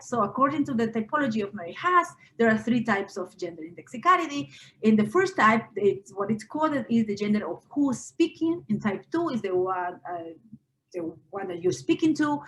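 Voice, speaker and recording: A woman linguist presenting research in an academic conference lecture, explaining step by step with frequent filler pauses. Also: on the high side, a bit bright, low-quality recording.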